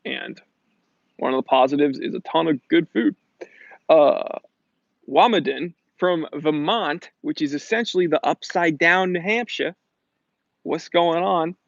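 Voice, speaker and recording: Brief: man in his thirties from New England, a bit high-pitched, gravelly, hosts a joking live chat, dry and dull lo-fi sound. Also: measured pace, no room sound. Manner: chatty and joking, reads out viewer comments. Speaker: livestream host answering chat questions.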